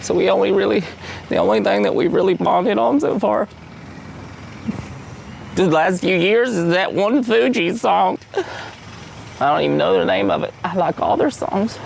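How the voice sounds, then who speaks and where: A man playing an awkward adult twin brother in a mock documentary interview, halting and rambling, his voice jumping high. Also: lively intonation, vocal fry, slight background noise, full character voice. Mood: earnest.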